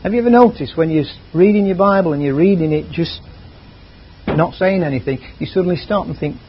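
A man's voice: on the high side, brisk, a little hiss or hum. A man preaching a sermon in a chatty, conversational way, drifting into asides. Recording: dull lo-fi recording.

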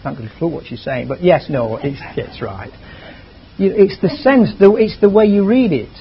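A man's voice: a little high, normal speed, vocal fry, slight background noise. A man preaching a sermon in a chatty, conversational way, drifting into asides. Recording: dull lo-fi recording.

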